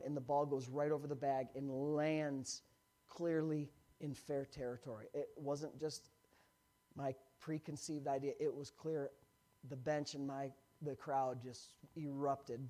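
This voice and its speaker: A slightly higher-voiced man preaches from a stage microphone, weaving a lively personal story into his sermon. He builds each point with rising emphasis, then drops back into a conversational tone. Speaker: pastor.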